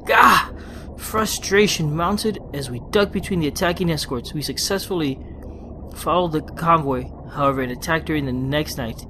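Heard over background noise, a man with a slightly high voice runs a solo gaming podcast. He's chatty and quick to restart his sentences, and when he reads a war story as a session report he keeps it plain, skipping any accents.

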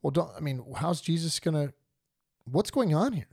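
Animated man retelling a Bible story. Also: on the high side, moderate pace, creaky, breathy edge, no room sound, studio quality. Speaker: podcast host. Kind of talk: casual Bible discussion.

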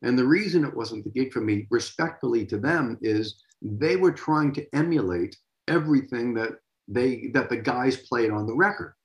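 A man in his sixties from Massachusetts tells stories as an interview guest, animated and vivid. His voice carries a gravelly edge at a middling pitch, heard in a roomy, echoing space. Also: moderate pace. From Massachusetts, USA. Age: 60s. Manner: animated storyteller, vocalizes drum beats. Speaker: guest drummer. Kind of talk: casual interview storytelling.

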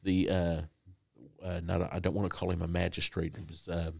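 A man preaching a sermon in a conversational, halting way with frequent restarts. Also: low voice, flat delivery, gravelly, a little mellow.

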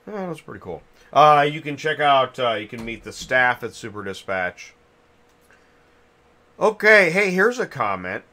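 Bright-voiced man, rambling host. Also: mid-range voice, sing-song, unhurried. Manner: rambling, thinks aloud with many restarts. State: chewing a cough drop. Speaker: podcast host. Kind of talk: casual industry chat.

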